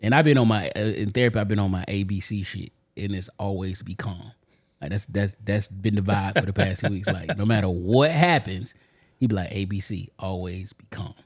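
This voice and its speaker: A man's voice: fairly low pitch, a little fast. A man co-hosting a podcast, telling a story in a laid-back, slangy way and laughing along. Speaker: podcast co-host. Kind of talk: casual chat and storytelling.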